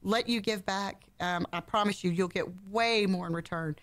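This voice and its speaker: A woman's voice: medium pitch, moderate pace. A woman guest-hosting a local radio show, chatty and bubbly, joking about herself and laughing often. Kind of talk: casual radio chat.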